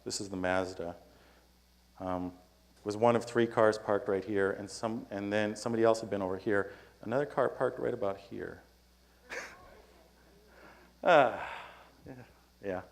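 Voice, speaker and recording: A man's voice: fairly low pitch, a little slow, gravelly, long pauses. A man giving a keynote talk at a conference, telling a story and acting out his own lines in a raised voice. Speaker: keynote speaker. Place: conference hall before an audience.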